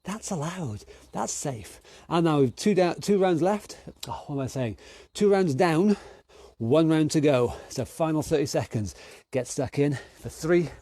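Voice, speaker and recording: A man's voice: a little high, expressive, normal speed, mellow, no echo. Upbeat British man leading a workout. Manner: upbeat, encouraging, counting down reps. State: stuffy nose. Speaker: fitness instructor. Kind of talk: online exercise class instruction.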